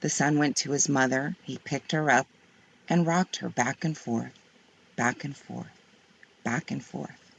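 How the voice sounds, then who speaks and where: A woman reading children's picture books aloud in an expressive storytelling manner. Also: rumbling low, unhurried, gravelly, long pauses, husky.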